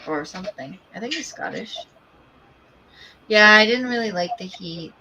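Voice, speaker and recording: A woman chats casually and offhandedly, with some light teasing. Her voice is bright and sharp-edged, sitting in the middle of the pitch range. A faint steady hum runs underneath her. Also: normal speed, poor audio. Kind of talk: casual chat. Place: home workshop.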